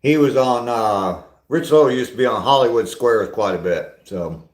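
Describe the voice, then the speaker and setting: A man's voice: mid-range voice, moderate pace, roomy sound. An older man hosting a casual live stream on a walk, chatting with viewers in a rambling, self-deprecating way. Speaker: vlogger reading live chat.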